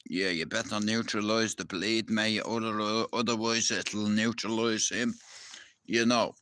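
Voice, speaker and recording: A man's voice: on the low side, steady tone, measured pace, sharp tone, no echo. A young Irish man ranting to his viewers in a heated, profane live-stream monologue. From Ireland.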